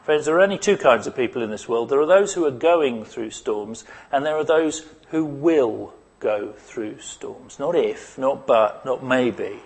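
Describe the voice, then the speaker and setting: A man preaching a sermon, moving from loud cries to hushed asides. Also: medium pitch, measured pace, few pauses, slightly rough. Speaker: pastor.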